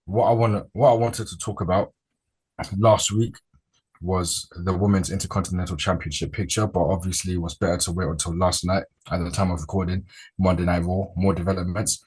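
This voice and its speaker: Low husky man chatting wrestling. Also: fairly quick. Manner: relaxed, rambling, slangy. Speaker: podcast host. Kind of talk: casual wrestling chat.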